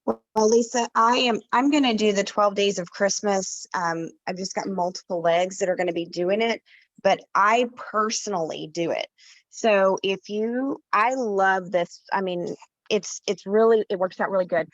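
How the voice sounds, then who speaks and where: A woman's voice: medium pitch, normal speed, no echo, lo-fi sound. A woman co-hosting a round-table chat, talking in a chatty, encouraging, self-deprecating way. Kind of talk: casual chat.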